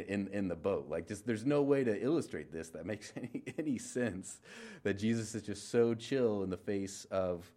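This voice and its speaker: A young adult man preaching a relaxed, conversational sermon, full of fillers, restarts and asides. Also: on the low side. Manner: informal, filler-heavy, many restarts and trailing asides. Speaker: pastor.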